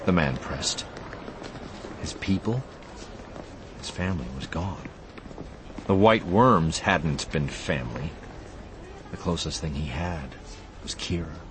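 A man's voice: a bass voice, slow, pauses often, noisy background. A man narrating an audiobook expressively, voicing the character lines too.

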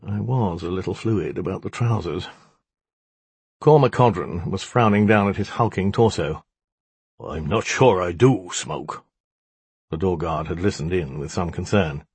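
A man's voice: sits low, moderate pace, a little mellow, breathy edge, no echo. A man narrating a story in a wry, dramatic storytelling manner. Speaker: audiobook narrator. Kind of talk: scripted narration.

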